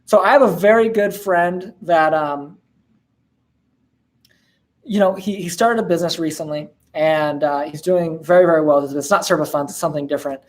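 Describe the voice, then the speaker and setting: A man in his twenties hosts a casual live-stream Q&A, answering viewer questions. His voice is on the high side at a moderate pace, and he's laid-back and slangy, with plenty of fillers and laughter.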